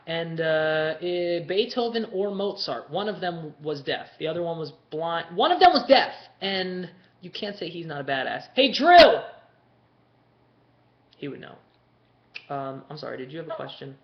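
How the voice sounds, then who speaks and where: A man hosting a live fan chat, talking casually, excitable and swearing, shouting bursts and then mumbling while reading. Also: fairly high pitch, normal speed. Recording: dull lo-fi webcast audio with faint noise.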